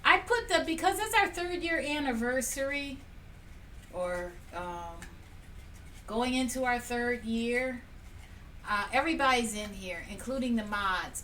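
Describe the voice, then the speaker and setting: A woman with a high, sharp-toned voice hosts a live painting stream, chatting cheerfully and casually while she runs a prize drawing. She laughs often and addresses viewers directly, sitting a little distant from the mic with faint room noise behind her.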